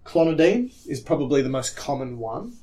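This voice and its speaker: A man's voice: mid-range voice, very animated, normal speed, dark tone. A man co-hosting an educational podcast, explaining topics step by step and checking that his partner follows. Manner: explanatory, stops to check understanding. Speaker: co-host.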